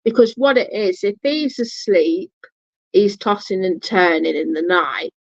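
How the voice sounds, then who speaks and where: A woman speaks slowly and bluntly in a casual storytelling vlog, swearing and restarting her sentences. The recording is dry and dull, with a muffled lo-fi tone. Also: mid-range voice, no room sound. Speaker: vlogger.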